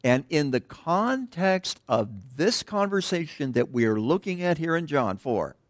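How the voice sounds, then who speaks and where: Middle-aged male pastor, relaxed conversational sermon, rambly asides, trails off quietly, dry close sound. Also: fairly high pitch, a little slow, no room sound. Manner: digressive, drops to a hush at phrase ends. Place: church.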